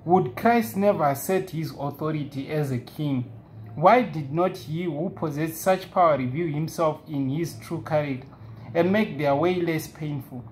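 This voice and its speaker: A woman's voice: low-pitched, moderate pace, darkish tone, a little hiss or hum. A woman reading quotations aloud at a Bible study, then asking the group questions.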